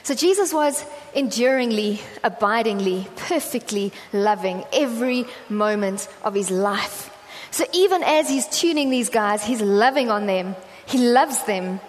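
A woman's voice: on the high side, lively intonation, a little slow, slight background noise. A woman preaching a conversational sermon in a church hall, with a chatty, self-deprecating storytelling manner and lots of fillers. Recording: long hall reverb, faint ambience.

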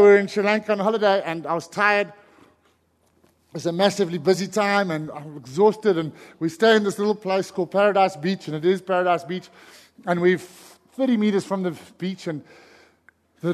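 A middle-aged man preaching a sermon, telling a story with animated energy and shouting in its excited stretches. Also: sits high. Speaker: pastor. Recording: long hall reverb.

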